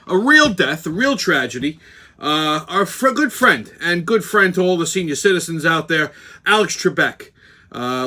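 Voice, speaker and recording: A man hosting his own show in casual, salty commentary. His voice sits a bit high with a sharp, bright edge. He talks bluntly and animatedly, swearing freely. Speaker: host. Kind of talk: casual commentary while mixing a drink.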